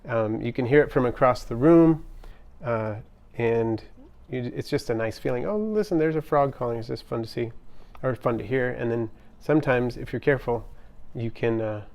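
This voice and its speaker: A man hosts an upbeat pet livestream from home, reading viewers' comments aloud with frequent ums and restarts, recorded on a tripod camera. His medium-pitched, creaky voice has a darkish tone and fairly even intonation at normal speed, with hardly any pauses.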